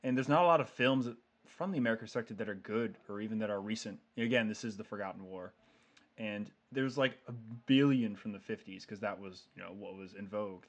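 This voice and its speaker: A man's voice: lowish voice, lo-fi sound. Man, podcast host, casual film talk, chatty, analytical, lots of ums. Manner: chatty and analytical, many fillers.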